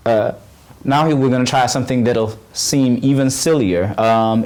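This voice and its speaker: A male voice teacher talks a beginner through breathing and warm-up drills in a patient, encouraging way. His voice sits at an ordinary middle pitch, and he often stops to restart his sentences. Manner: patient, encouraging, demonstrates exercises; halting, restarts phrases often. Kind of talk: on-camera voice lesson.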